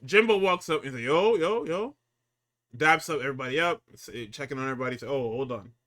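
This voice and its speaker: A man co-hosting a casual wrestling podcast, profane and animated, acting out the people he quotes. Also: very fast. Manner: animated, profane, acts out quotes with big pitch jumps. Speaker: podcast co-host.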